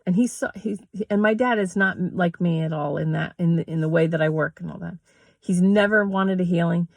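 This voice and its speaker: A woman's voice: on the low side, fairly quick, creaky, dry recording. Candid woman telling a personal story. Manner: candid, emotional, swears, laughs between lines. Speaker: yoga teacher and vlogger.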